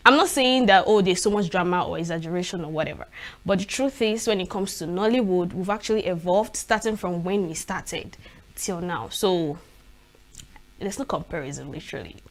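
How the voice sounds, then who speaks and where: A young Nigerian woman presenting a live newspaper review, talking in an animated, expressive way with frequent laughs and restarts. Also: fairly low pitch, normal speed.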